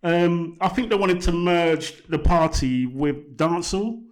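An older man, a podcast guest telling rambling, relaxed stories and laughing along the way. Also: fairly high pitch, unhurried. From South London. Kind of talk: casual conversational storytelling.

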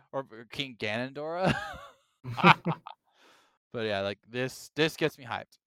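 A man co-hosting a gaming podcast in casual chat, excitable and animated, often acting out his own reactions. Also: medium pitch, slow pace, no room sound. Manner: excitable, acts out reactions in quoted voices. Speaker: podcast co-host.

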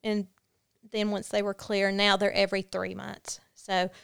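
A woman guest in a podcast interview, telling a personal story in an earnest, candid way with halting fillers. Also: medium pitch, monotone, vocal fry, fairly bright tone, smooth.

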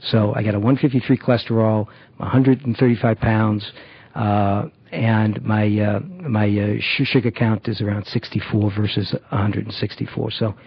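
A middle-aged man shares his personal testimony in a halting way, stopping often on fillers and restarting his sentences. His voice is gravelly and husky. The recording is dry and dull, with a muffled lo-fi sound. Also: lowish voice, fairly even intonation, dry recording. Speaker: recovery program member.

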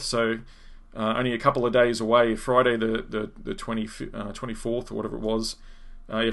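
An Australian man hosts a casual talk show, telling stories with animation and acting out other people's lines. His voice sits at an ordinary middle pitch for a man. He speaks in an easygoing, conversational way. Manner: animated storyteller, acts out quotes, chuckles. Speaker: podcast host. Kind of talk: casual commentary chat.

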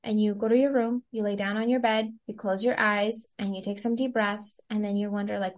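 She's a Christian stress coach guesting on a podcast, chatting casually and reflectively while thinking out loud and filling her speech with "like." Her medium-pitched voice runs fairly quick with fairly even intonation and hardly any pauses.

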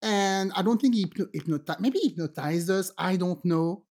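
Lively woman telling a strange story, a bit low-pitched. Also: normal speed. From Guadeloupe, French Caribbean. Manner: animated, acts out quoted voices, many restarts. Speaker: podcast co-host telling a story. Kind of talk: casual storytelling chat.

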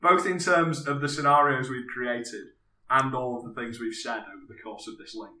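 A man's voice: mid-range voice, normal speed, bright, forceful tone, far from the mic. A man in casual podcast banter with wry jokes. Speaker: podcast co-host. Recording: roomy, off-mic.

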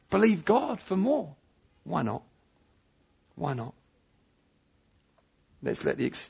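A male preacher delivers an emphatic, pleading sermon in a fairly high, husky and gravelly voice. He presses his points by repeating them. The recording sounds dull and lo-fi.

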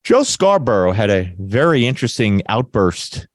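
A man hosts a conservative talk radio show, rambling, correcting himself and laughing mockingly while still sounding a bit congested. His voice is lowish with big pitch swings and a moderate pace. The recording is dry and of studio quality.

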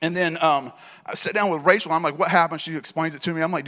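A man preaching a sermon, telling stories in a lively way, acting out the dialogue and laughing often. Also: a little high, quick pace. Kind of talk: sermon storytelling. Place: church hall. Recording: reverberant hall.

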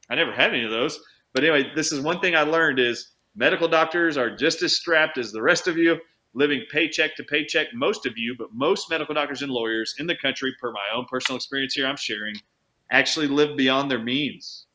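A man who works as a chiropractor, telling an animated story as an interview guest, changing his pace for emphasis. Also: medium pitch. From United States. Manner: animated anecdote-teller, speeds up and slows down for emphasis. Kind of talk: conversational storytelling.

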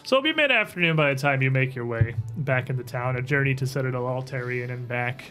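A man narrating as game master, relaxed and halting, with many fillers. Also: medium pitch, clear, resonant tone, faint music behind.

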